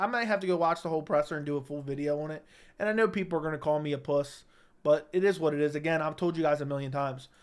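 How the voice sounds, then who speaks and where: A man with a fairly high voice hosts a livestream and delivers hot, blunt commentary about the fight world. He circles back to the same phrases again and again, his talk sounding close and direct through a studio microphone. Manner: blunt, heated ranting with repeated phrases. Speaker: MMA commentary channel host. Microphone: studio broadcast mic.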